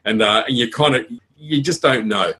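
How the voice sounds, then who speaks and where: An Australian man coaches an audience on public speaking in a frank, energetic way. He moves briskly from tips to stories and throws in casual asides. His voice sits at a middling pitch for a man. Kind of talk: conference talk.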